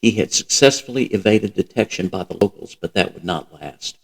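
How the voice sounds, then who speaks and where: A man reading a novel aloud as host, in a steady, even narration. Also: fairly low pitch, normal speed, poor audio. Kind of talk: audiobook-style reading.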